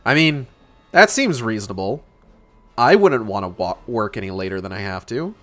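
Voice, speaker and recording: A man's voice: lowish voice, expressive, moderate pace. A young man hosting a book club stream, reading a novel aloud and breaking in with sarcastic, profane commentary.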